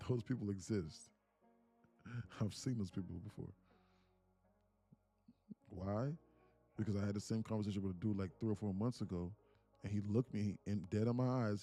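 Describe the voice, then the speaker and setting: A man hosting a live day-trading stream, telling stories in a casual, animated way and muttering about the charts. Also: lowish voice. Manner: animated storytelling, acts out quotes, laughs often. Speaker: livestream day trader. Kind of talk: casual livestream chat.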